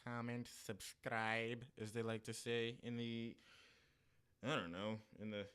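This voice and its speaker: A man co-hosting a casual sports podcast, chatty and quick to laugh. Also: medium pitch, little pitch movement, fairly bright tone, smooth. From Indianapolis area. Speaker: podcast co-host.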